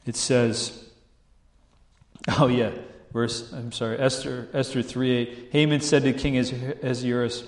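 Preacher in an echoey church room. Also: male voice, medium pitch, unhurried. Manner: animated storytelling, acts out characters, asks rhetorical questions. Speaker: pastor. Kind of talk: sermon.

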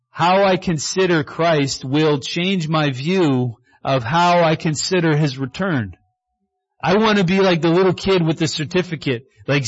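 A man preaching a sermon as pastor, in a conversational style that acts out quotes and builds to excited shouts. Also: fairly high pitch, lo-fi sound.

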